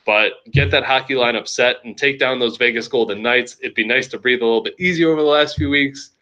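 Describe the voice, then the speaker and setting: Young male league host, bright tone, casual rambling fantasy recap. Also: mid-range voice, brisk, lo-fi sound. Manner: loose, joking, rambling with restarts.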